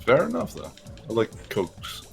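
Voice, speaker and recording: A man's voice: fairly low pitch, wildly swooping pitch, measured pace, gravelly. Playful man chatting over game music. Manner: playful, repeats words for laughs. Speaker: let's play co-host. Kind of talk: casual gaming chat.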